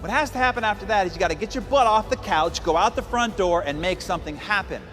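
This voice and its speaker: Male motivational speaker, high pitch, emphatic storyteller; echoing hall, soft music bed. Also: lively intonation, fast talker. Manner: emphatic, storytelling with acted quotes. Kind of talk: motivational speech. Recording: long hall reverb with faint music.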